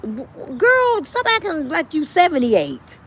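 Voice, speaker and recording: A woman in her fifties giving blunt, animated and profane celebrity gossip commentary on her vlog. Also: sits high, slow, slight background noise. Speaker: vlogger.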